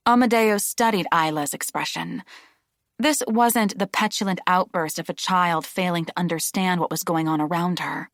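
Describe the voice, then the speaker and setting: A woman reading a novel aloud as an audiobook narrator, steady and measured. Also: on the low side, no echo, clean studio sound. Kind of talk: scripted narration.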